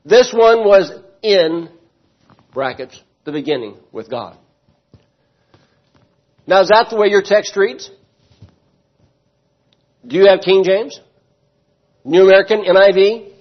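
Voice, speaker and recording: A man's voice: high voice, slow pace, long pauses, muffled recording. A pastor preaching a sermon to his congregation, emphatic and questioning them as he goes.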